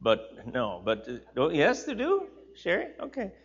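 A man's voice: on the high side, huge pitch swings, unhurried, husky. A man teaching a Bible class in an informal sermon, chatty and emphatic, repeating words for stress and turning to listeners with asides. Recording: slightly dull, lo-fi recording.

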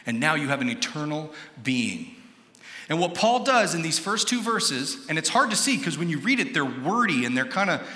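An American man preaching a sermon as pastor, animated, acting out quoted voices and quizzing his congregation. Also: a little high. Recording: echoey hall with long reverb.

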